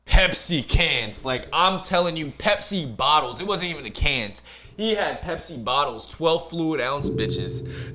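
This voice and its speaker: A man, a cook, telling college stories in casual podcast chat, animated and profane, acting out what people said. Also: lowish voice, slight background noise. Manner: animated, profane storytelling with acted-out quotes.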